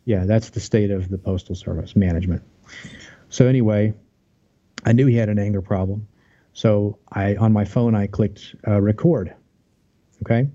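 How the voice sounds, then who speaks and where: A man's voice: fairly low pitch, fairly even intonation, normal speed, pauses often, dark tone, lo-fi sound. A man as an interview guest, earnestly telling his story of a workplace conflict, aggrieved, with many restarts.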